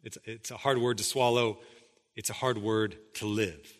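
A man's voice: fairly low pitch, fairly even intonation, normal speed, long reverb tail. A male pastor preaching a sermon, emphatic, often checking in with "right?". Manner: emphatic, keeps asking "right?".

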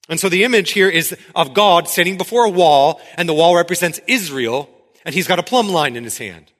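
Male Bible teacher, bright higher voice, casual restarts, long hall echo. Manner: conversational with many restarts and repeated words. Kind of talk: Bible teaching, reading then explaining.

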